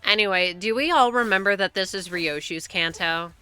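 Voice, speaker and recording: A woman's voice: mid-range voice, moderate pace, pushed and bright, smooth, faint music behind. A young woman streaming a game, chatting casually, joking and swearing as she reads the dialogue aloud. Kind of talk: casual live-stream commentary.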